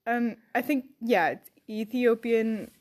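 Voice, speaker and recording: A woman co-hosting a coffee podcast in casual chat, halting and giggly as she loses her words. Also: a little high, a little mellow. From Irish. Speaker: podcast co-host.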